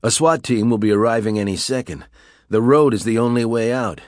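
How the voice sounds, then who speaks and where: A man's voice: medium pitch, fairly quick, no echo, voice pushed up, natural voice. Brief: wry, unflappable hero, read by a male narrator, slightly raised, dry close sound. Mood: defiant. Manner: calm, dry, cutting.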